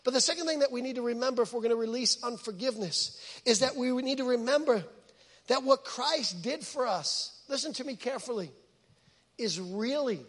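A man with a very high, bright voice delivers an emphatic sermon, hammering words through repetition. His voice rings out in a large church hall with a long reverb trailing after each phrase. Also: lively intonation, normal speed. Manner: emphatic, repeats words for stress. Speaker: pastor.

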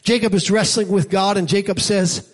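A man preaching a sermon, with rhythmic repetition building to loud, dramatic peaks. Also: high-pitched, steady tone, moderate pace. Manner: preaching with dramatic acted-out scenes and shouted peaks. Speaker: pastor.

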